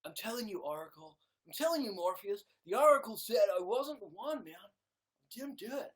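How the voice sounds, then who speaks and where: A man doing a loud stoner dude. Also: high-pitched, lively intonation, brisk, voice pushed up. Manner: shouting, drawling, says dude and man. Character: loud dim-witted male stoner dude.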